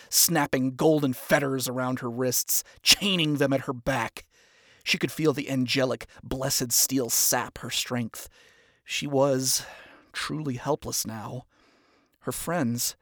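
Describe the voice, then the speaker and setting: Expressive, gravelly male storyteller. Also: medium pitch, dry recording, clean studio sound. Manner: expressive, dramatic delivery. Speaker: narrator. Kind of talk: dramatic storybook reading.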